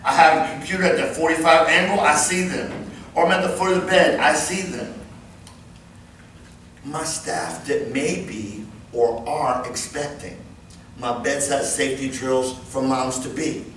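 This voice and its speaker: A man in his fifties running a live workplace safety training class, animated and joking as he demonstrates moves. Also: on the high side, unhurried, a little hiss or hum. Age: 50s. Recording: very echoey room, far mic, faint ambience.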